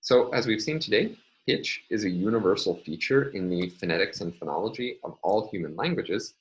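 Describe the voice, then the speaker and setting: A man with a very deep voice delivers a recorded university lecture. He explains each point step by step in a measured way, often pausing with fillers. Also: lively intonation, poor audio.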